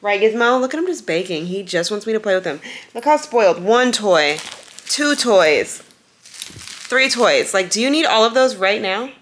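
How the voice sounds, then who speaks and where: Chatting casually to her viewers through a handheld camera, a young woman vlogs her day at home, then in the car and at a store. Her mid-range voice is animated and a bit bright, her manner upbeat and sprinkled with quick asides.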